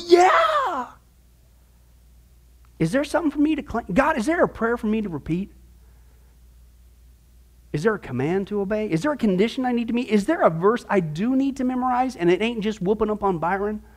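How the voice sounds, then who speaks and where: A man's voice: very high-pitched, a bit bright. A man teaching a Bible discipleship class as pastor, firing off rhetorical questions with folksy asides.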